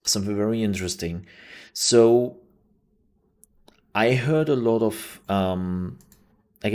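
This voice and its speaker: A man's voice: sits low, darkish tone. A man hosting a live stream, chatting casually and rambling, with many fillers and restarts. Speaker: streamer and news show host.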